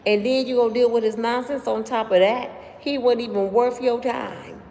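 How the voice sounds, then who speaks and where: A woman's voice: on the high side, normal speed. Casual woman livestreamer in a reverberant room. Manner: animated, talks straight to viewers, slangy. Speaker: livestream host. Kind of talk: casual storytelling to live viewers. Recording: long room reverb, faint background noise.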